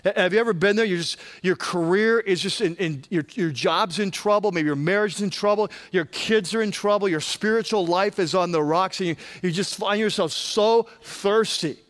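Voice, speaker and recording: A man with a high-pitched voice gives a sermon in an easygoing, conversational manner. He restarts sentences often and keeps checking in with the congregation as he goes. He talks plainly, as if to friends, rather than in a formal pulpit style. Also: normal speed, few pauses, fairly bright tone. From Southern California. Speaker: pastor.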